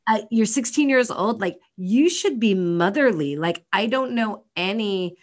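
A woman's voice: mid-range voice, animated, unhurried. A woman co-hosting a podcast in casual chat, earnest and rambling, with many fillers. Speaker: podcast co-host.

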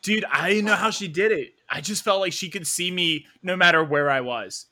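Male guest, fairly high pitch, bright tone, animated swearing storyteller. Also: moderate pace, a little hiss or hum. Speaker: podcast guest. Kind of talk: casual storytelling.

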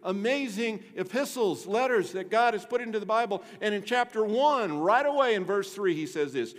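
A man preaching a sermon to his church, swinging between loud emphasis and hushed low tones, with a bass singing voice. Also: animated, normal speed, few pauses. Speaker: pastor. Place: church sanctuary. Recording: long hall reverb.

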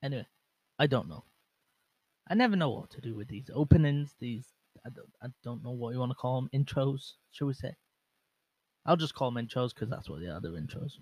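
A young man chats his way through a solo podcast, wandering off track and poking fun at himself. His voice sits at an ordinary middle pitch. It is recorded close and dry on a bare microphone with no windscreen. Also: lively intonation, normal speed, long pauses, darkish tone, no room sound, low-quality recording. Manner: rambling and self-mocking, with lots of fillers and restarts. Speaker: podcast host. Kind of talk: casual solo podcast chat. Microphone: bare microphone without windscreen, monitored on headset.

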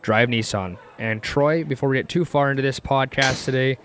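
A man's voice: medium pitch, normal speed, fairly bright tone, slight background noise. A man hosting a casual podcast, reading ads and chatting in an upbeat, laid-back way. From Canada. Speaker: podcast host. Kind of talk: casual chat and ad reads.

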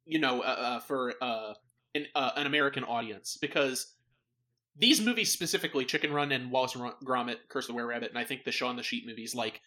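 A man's voice: mid-range voice, fast, bright, forceful tone. A man co-hosting a podcast in casual chat, hesitant and full of fillers but enthusiastic. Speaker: podcast co-host.

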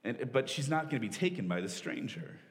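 A man preaching to his congregation in a relaxed, conversational voice of middle pitch. He explains the text as he goes, restarting sentences and dropping in "like." His words ring with the long reverb of a large hall. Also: fairly quick. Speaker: pastor. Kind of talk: sermon.

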